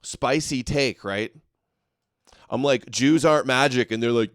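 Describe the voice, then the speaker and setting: A man's voice: mid-range voice, a little slow, no echo, clean studio sound. A man hosting a livestream, commenting sarcastically on clips and reading out donations. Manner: sarcastic, mocking, laughs often. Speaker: host.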